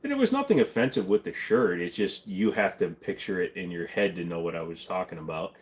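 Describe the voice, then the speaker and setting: Livestream host, male, lowish voice, rambling, jokey, casual chat. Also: sing-song, fairly quick. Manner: loose, joking, rambling with many fillers and restarts. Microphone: desk microphone.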